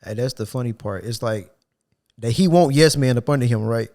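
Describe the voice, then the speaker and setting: A man's voice: mid-range voice, a little fast. A man on a casual podcast, telling a work story in slang and acting out the people he quotes. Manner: animated storytelling, acts out quotes with a raised voice. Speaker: podcast co-host. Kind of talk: casual chat.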